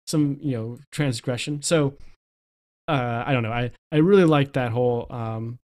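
Male co-host, mid-pitch, casual chatter with fillers and easy laughter. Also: a little slow, darkish tone. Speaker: podcast co-host. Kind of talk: casual film discussion.

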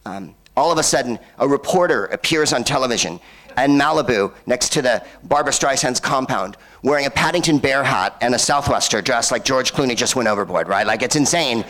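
A man's voice: medium pitch, lively intonation, a little fast, fairly bright tone. Rambling sardonic man on stage. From United States. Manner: rambling, sardonic, full of filler and asides. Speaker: comedian hosting a film screening. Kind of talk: live stand-up banter. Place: cinema stage before a live audience.

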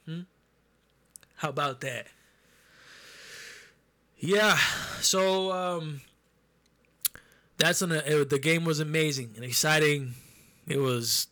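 A man's voice: on the high side, slow pace, pauses often, pushed and bright. A man hosting a podcast, chatting loosely about sports with plenty of swearing. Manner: loose, profane sports banter. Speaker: podcast host. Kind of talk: casual podcast chat.

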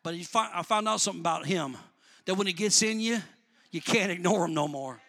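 A man preaching a sermon, talking in a plain, colloquial way to the congregation and rising to shouts before dropping back to easy talk. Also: sits high, brisk. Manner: builds to shouting, then drops back to conversational.

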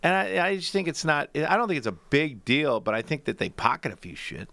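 Man, gravelly and bright, swearing freely in loose banter, dry close sound. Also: very animated, brisk, no echo. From grew up elsewhere than the show's city. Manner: profane, laughing, acts out stories in loud high voices. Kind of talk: crude casual chat.

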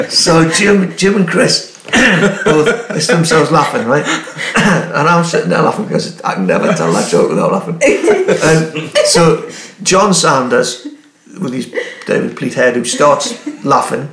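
A middle-aged man spins a long anecdote, breaking into laughter and starting over as he goes. His voice has a gravelly edge. The recording sounds roomy and echoey. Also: a little high, very animated, a little slow, a bit bright. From Newcastle, England. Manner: storytelling with frequent laughs and restarts. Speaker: podcast guest. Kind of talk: casual anecdote telling.

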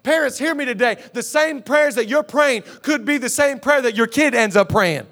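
A man's voice: very high-pitched, normal speed, a bit bright. A male pastor preaching a sermon, urging his congregation on with passion.

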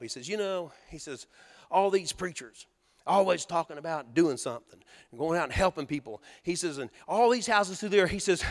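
A pastor preaching a sermon in a folksy, storytelling way, asking the congregation questions. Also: male voice, high voice, a bit bright, long reverb tail.

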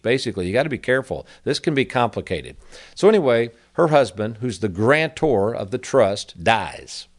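A man's voice: on the low side, darkish tone. Folksy middle-aged male radio host, chatty advice talk. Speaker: radio show host, annuity advisor. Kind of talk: casual financial advice talk.

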